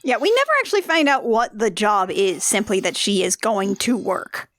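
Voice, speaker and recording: A woman's voice: medium pitch, animated, normal speed, fairly bright tone, dry recording, studio quality. A woman guest on a podcast, chatting casually about a film with incredulous, sarcastic remarks and some swearing. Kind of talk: casual chat recapping a film.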